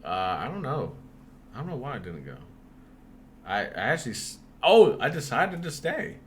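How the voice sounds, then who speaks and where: A man's voice: medium pitch, sing-song, moderate pace. A young man casually telling a spooky story on a podcast, swearing often and breaking into laughs.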